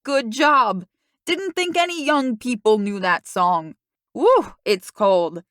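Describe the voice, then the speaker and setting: Woman putting on a chirpy neighbor lady, high bright pitch, distant timbre. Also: expressive, slow, no echo, clean studio sound. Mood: cheerful. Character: cheerful older neighbor woman.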